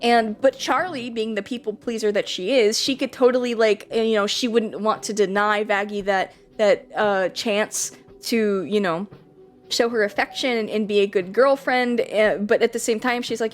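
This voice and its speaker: A woman's voice: mid-range voice, steady tone, moderate pace, soft background music. A young woman streaming from home, chatting casually and rambling with lots of fillers and giggles. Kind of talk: casual live-stream chat.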